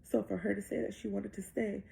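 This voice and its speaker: Gravelly, dark-voiced woman telling a dream. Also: mid-range voice, little pitch movement, a little fast. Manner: earnest, breathless retelling with quoted dialogue. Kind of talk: emotional personal testimony.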